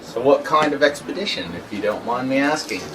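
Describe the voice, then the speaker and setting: A man's voice: mid-range voice, animated, fairly quick, recorded from a distance, background noise, natural voice. Man doing a brash Australian pilot captain. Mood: cocky.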